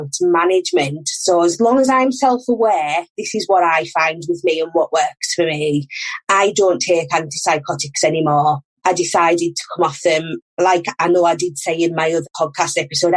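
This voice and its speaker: A woman in her thirties, speaking frankly and at length as a podcast guest, laughing off hard memories. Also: lowish voice. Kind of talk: candid personal conversation.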